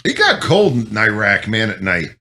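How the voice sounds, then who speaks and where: This man tells his stories with a lively, swinging pitch, dropping low and then leaping up high to act out other people. He swears freely and sounds relaxed, like he is having a casual chat on a talk show. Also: normal speed. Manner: profane, animated storyteller.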